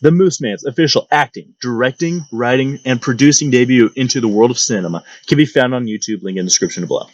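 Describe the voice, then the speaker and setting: A man's voice: mid-range voice, fast talker, few pauses, dry recording, dull audio. A young man hosting a comedic storytelling monologue, mock-grand and sarcastic in his telling, recorded close on a dry mic. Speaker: storytelling channel host.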